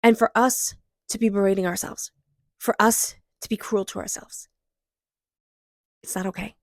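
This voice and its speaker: A woman giving an intuitive tarot reading and leading a guided meditation, speaking softly and gently, at times dropping into a whisper. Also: mid-range voice, steady tone, moderate pace, no room sound, clean studio sound. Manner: soft, gentle, drifts into whispers. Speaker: tarot reader.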